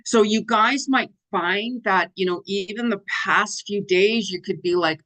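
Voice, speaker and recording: A woman's voice: mid-range voice, measured pace, few pauses, fairly bright tone, rough recording. Chatty woman psychic on a livestream. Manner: chatty, rambling, many fillers like "like" and "you know"; acts out her own exclamations in a raised voice. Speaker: psychic reader hosting a live stream. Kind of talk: casual livestream talk.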